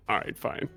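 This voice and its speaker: A man playing a tabletop game, chatting in a halting way as he explains his plans. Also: bright, forceful tone. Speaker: player. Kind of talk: casual tabletop game chat.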